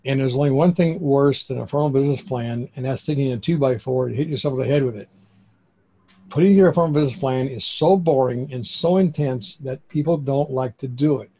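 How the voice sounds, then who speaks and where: Man, accounting expert guest, gravelly voice, excitable storyteller. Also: medium pitch, fairly quick. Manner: excitable, dramatic storyteller with bursts of emphasis. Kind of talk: animated storytelling interview.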